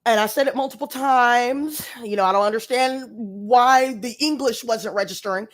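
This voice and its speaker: A woman's voice: a little high, normal speed. A woman telling a story to her live-stream audience in casual chat, emphatic and profane as she rants. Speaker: tarot reader live-streaming.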